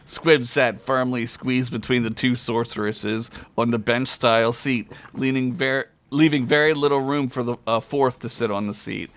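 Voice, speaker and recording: A man's voice: steady tone, moderate pace, hardly any pauses, dry recording. A man reading a comedic fantasy story aloud on a podcast, chuckling often as he goes. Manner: reads aloud with frequent chuckles, loud high character voices.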